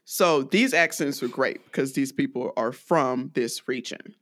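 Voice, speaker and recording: A woman's voice: extremely low pitch, unhurried, no room sound, studio quality. A woman from the US South co-hosting a podcast, reviewing a movie in casual chat and laughing often. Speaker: podcast co-host.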